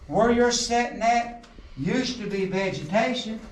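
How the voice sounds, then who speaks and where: A middle-aged man guides a group through an underground coal mine. He tells folksy stories and jokes, and his fairly high voice echoes off the tunnel walls. He is recorded from a distance, with some faint noise behind him. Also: animated, measured pace. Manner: folksy joking storyteller, quizzes the group. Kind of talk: guided tour talk to a group.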